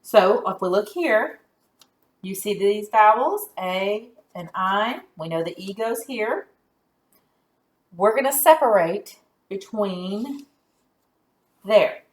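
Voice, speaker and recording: A woman teacher giving a phonics lesson to young children, sounding out letters and syllables deliberately and praising answers. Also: mid-range voice, lively intonation.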